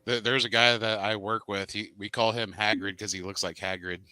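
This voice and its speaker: A man's voice: fairly low pitch, level tone, brisk, bright, forceful tone, smooth, no echo. A man chatting casually as a podcast co-host, jokey and laughing often. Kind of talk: casual chat.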